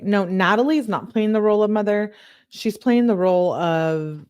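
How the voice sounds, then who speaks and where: A woman's voice: mid-range voice, normal speed, a little mellow, smooth, dry recording, studio quality. A woman hosting a true crime channel, reading text messages aloud and adding sarcastic, offhand remarks.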